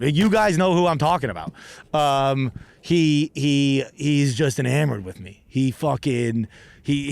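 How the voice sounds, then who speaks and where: A man's voice: medium pitch, no room sound. A man hosting a comedy podcast, telling a rambling, profane, self-deprecating story outdoors in a park, with frequent restarts.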